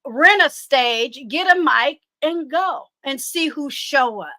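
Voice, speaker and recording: A woman with a high, bright voice talks in a blunt, animated, profane way. Her sound is dry and close. She rambles with restarts as she chats. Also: slow, no room sound. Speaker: guest commentator. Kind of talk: casual chat.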